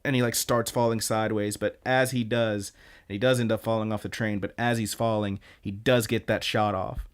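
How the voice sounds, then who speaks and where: A podcast co-host with a lowish, smooth voice recaps an anime casually, his delivery flat and fairly quick. His retelling of the episode is sprinkled with fillers and lines quoted from it.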